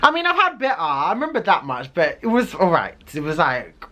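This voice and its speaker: A young man telling a storytime story in a dramatic, animated way. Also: fairly high pitch, fairly quick. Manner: animated, dramatic, shrieks and laughs. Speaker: vlogger. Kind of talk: storytime vlog.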